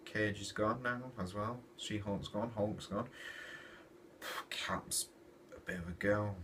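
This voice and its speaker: A man's voice: low-pitched, measured pace. A man reviewing a comic in a casual, exasperated rant. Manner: exasperated, ranting, animated. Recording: distant mic with noisy background.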